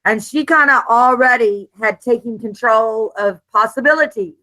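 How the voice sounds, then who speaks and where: A woman in a casual group chat, making thoughtful, measured points. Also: a little high, bright, forceful tone, poor audio.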